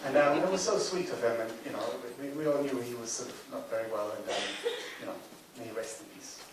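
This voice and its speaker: Rambling director in an echoey hall. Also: male voice, medium pitch, lively intonation, fast. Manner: rambling, many ums, chuckling. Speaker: film director, festival guest. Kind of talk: audience Q&A answers. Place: cinema hall. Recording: echoey hall recording from far off, hiss.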